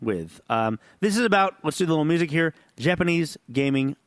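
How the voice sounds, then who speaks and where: A man with a slightly high voice and lively intonation speaks fairly quickly, recorded dry with clean studio sound. He's co-hosting a podcast in casual chat, tipsy and rambling, swearing and laughing often.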